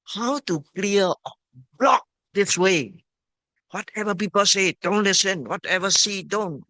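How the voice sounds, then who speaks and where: A man from Myanmar, a monk and meditation teacher, giving a dharma talk at a retreat in simple, halting English, repeating words and using Pali terms. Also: sits high, bright, forceful tone, dry recording.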